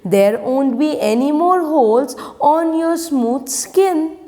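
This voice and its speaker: A woman's voice: high voice, animated, slow, warm tone, big-room sound, voice pushed up. A woman voicing a small worm in a storybook, begging to stay in a mango. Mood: pleading. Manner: begging, pleading.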